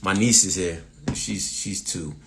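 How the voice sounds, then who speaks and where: A man's voice: low-pitched, a little slow, creaky, a bit bright, slight background noise. Rambling Massachusetts man chatting live. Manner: loose and rambling, many fillers and restarts, reads viewer comments aloud. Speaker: comedian hosting a live stream. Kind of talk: casual live-stream chat.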